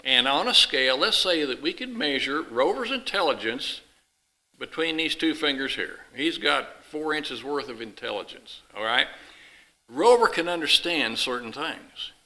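Casting: male preacher, folksy and rambling, sharp bright tone, addressing a live congregation. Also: a little high, expressive, normal speed, low-quality recording. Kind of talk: sermon with illustrative story.

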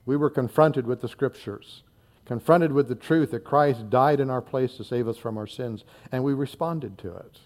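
A man's voice: medium pitch, moderate pace, a little mellow. A man in his sixties from northern Indiana, preaching a sermon in an earnest, conversational way with frequent fillers and repeated words. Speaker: pastor.

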